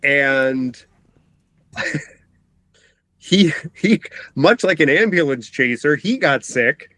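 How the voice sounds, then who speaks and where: A man's voice: fairly high pitch, expressive, slow, fairly bright tone, no room sound. A middle-aged man talking as a cartoonist guest in a casual interview, rambling, often breaking off mid-sentence and laughing. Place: home basement.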